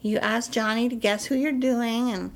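An older woman telling stories in a casual, lively way, slipping into playful voices now and then. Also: a little high, moderate pace, vocal fry, low-quality recording. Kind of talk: casual storytelling.

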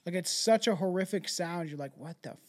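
A podcast host chatting casually, animated and profane, jumping between asides and quick put-on voices. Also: medium pitch. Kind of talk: casual chat.

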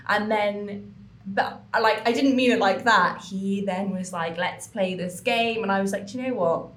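A young woman co-hosting a podcast, telling a story in an animated way, with lots of swearing and fillers. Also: mid-range voice, unhurried, reverberant. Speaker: podcast co-host. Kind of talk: casual chat.

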